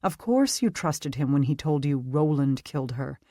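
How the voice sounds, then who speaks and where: An audiobook narrator voicing a gentle American woman guard who speaks softly and sympathetically. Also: medium pitch, moderate pace, dry recording, clean studio sound, pitched above the performer's own voice, natural voice. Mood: consoling. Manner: soft, sympathetic.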